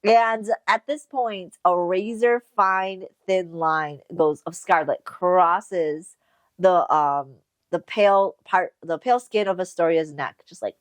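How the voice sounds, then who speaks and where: A woman co-hosting a podcast, retelling a story in casual chat, animated and swearing, laughing often. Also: fairly low pitch, slow, dry recording. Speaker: podcast co-host. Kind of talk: casual book recap chat.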